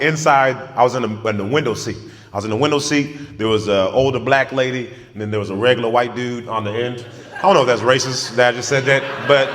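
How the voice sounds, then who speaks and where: A man performs a stand-up story with a lively, slightly high voice. He laughs through his own lines and bursts into loud acted-out moments. The sound rings with a long reverb, with faint noise behind. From United States. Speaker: stand-up comedian.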